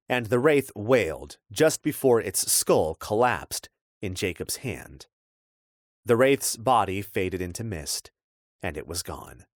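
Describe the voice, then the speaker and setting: A man narrating a dark fantasy audiobook in a measured, expressive storytelling voice. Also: on the low side, no echo, studio quality.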